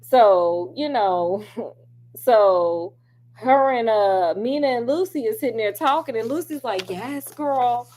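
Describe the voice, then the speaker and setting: A woman's voice: on the high side, expressive, slow, darkish tone. A woman reviewing a film in a casual, sassy, chatty way. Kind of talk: casual chat.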